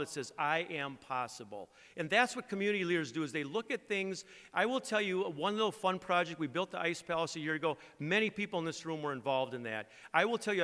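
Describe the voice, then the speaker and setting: A man's voice: fairly high pitch, pushed and bright. A middle-aged man giving an earnest, folksy motivational speech at an award event. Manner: earnest, folksy, uses an acronym and jokes. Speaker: credit union executive giving an award speech. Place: large event hall. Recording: reverberant banquet hall.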